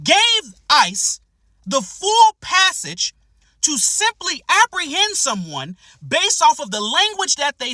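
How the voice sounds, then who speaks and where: A woman delivering political commentary in a high, bright and very animated voice. She is emphatic and indignant and drags out the words she wants to stress. The sound is dry and close. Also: no echo. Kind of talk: direct-to-camera commentary.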